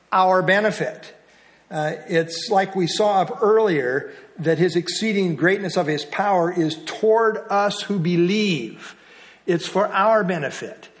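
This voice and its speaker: A man leading a Bible study, explaining a passage earnestly and repeating key phrases for emphasis. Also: sits high.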